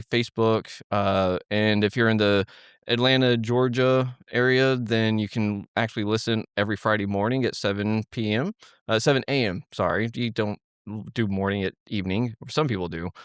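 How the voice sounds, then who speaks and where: A man, a podcast guest, laid-back and quick to laugh, talking casually with fillers. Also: lowish voice, smooth, dry recording, clean studio sound. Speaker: podcast guest and radio host. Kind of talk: casual conversational interview.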